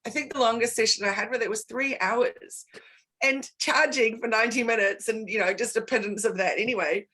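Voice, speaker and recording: A woman's voice: on the high side, brisk, bright, forceful tone, breathy edge. A woman consultant talking candidly in a casual conversation, stressing points by repeating words. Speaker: guest and business consultant.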